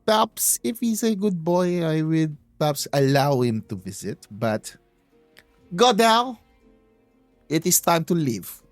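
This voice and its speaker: A man's voice: mid-range voice, measured pace, a little mellow, no echo, soft background music, lightly acted. A man voicing a haughty, scornful woman shopkeeper in a tabletop game, speaking with a sneer and talking down to others. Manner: condescending, sneering.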